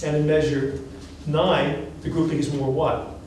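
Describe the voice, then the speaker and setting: Guy teaching a music class, kinda high voice, quizzing students, sounds far off in a really echoey room. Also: unhurried, a little hiss or hum. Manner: quizzing students, animated and encouraging. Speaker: music professor. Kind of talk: classroom lecture with questions to students.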